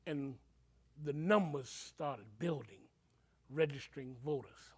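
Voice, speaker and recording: A man's voice: a little high, expressive, takes it slowly, slightly rough. An older man, a reverend telling his own story with emotion and acting out the voices of people he quotes. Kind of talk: personal storytelling.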